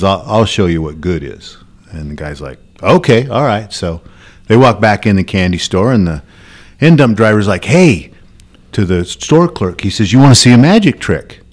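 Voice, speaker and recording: A man with a somewhat low voice, talking easily on a company podcast. He tells his jokes slowly and loosely, in a relaxed, unhurried way. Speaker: podcast co-host. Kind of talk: casual chat, telling jokes.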